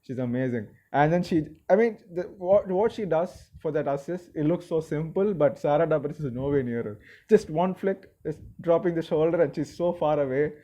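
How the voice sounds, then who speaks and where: Excitable man reviewing a football match. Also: a little high, moderate pace, hardly any pauses. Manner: excitable and opinionated, mocking rivals. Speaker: football vlogger.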